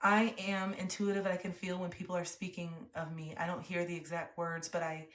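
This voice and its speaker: A young woman livestreamer talking to her chat in a calm, earnest, open way. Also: on the low side, fairly quick. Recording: roomy echo.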